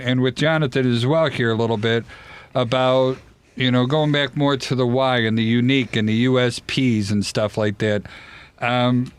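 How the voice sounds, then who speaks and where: A man's voice: mid-range voice, clean tone, dry recording. A man hosting a podcast, chatty and self-deprecating, asking his guests questions with lots of "you know". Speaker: podcast host. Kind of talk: casual podcast conversation. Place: studio.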